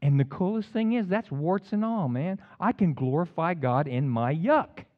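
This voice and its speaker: A man delivering a sermon with a lively, swinging delivery, rising into bursts of emphasis and drifting into jokey asides. His voice sits a bit high for a man. The recording is dull and lo-fi. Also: normal speed. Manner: fired up, rambling, jokey asides. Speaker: preacher.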